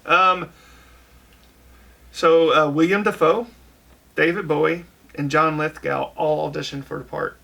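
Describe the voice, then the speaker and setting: A man's voice: fairly high pitch, fairly even intonation, a little slow, creaky, pauses often, sharp tone. A man hosting a casual podcast chat, laying out what he has researched at length. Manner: researched, tells facts at length. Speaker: podcast host.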